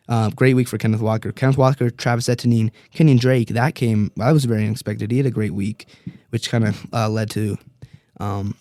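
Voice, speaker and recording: A young man hosting a casual podcast, rambling and animated, joking at his own expense. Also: medium pitch, dry recording, studio quality. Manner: rambling, animated, self-deprecating. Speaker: podcast host. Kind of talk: casual fantasy football chat.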